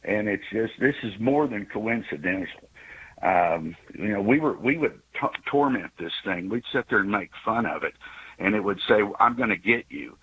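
A man in his sixties calling in to a radio show by phone, telling a story with many halting restarts and fillers. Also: fairly low pitch, expressive, a bit bright, husky, poor audio. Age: 60s. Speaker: radio caller. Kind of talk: call-in storytelling. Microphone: phone call.

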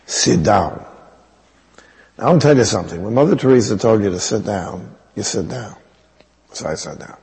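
A priest with a raspy voice, telling a personal story in a sermon in a wry, conversational way. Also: male voice, on the low side, lively intonation, a little fast, darkish tone, long reverb tail, low-quality recording.

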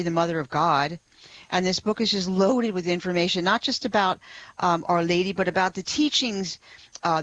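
A woman's voice: lowish voice, fairly bright tone, dry recording, muffled recording. Enthusiastic woman radio guest. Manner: enthusiastic, laughs often. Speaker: guest, blog writer. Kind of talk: radio talk show interview.

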